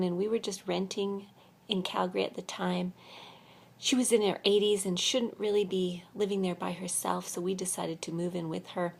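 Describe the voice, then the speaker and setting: An older woman telling her life story in a soft, half-whispered voice, a little weary, in a quiet room at a retreat center. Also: on the low side, gravelly. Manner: speaking softly, half-whispering to keep quiet. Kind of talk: personal storytelling vlog.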